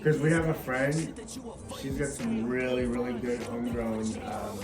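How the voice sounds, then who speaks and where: A man's voice: mid-range voice, steady tone, normal speed. A man hosting a casual chat, laid-back, chiming in with laughs and the odd swear. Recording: roomy echo, distant mic, music behind. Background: music.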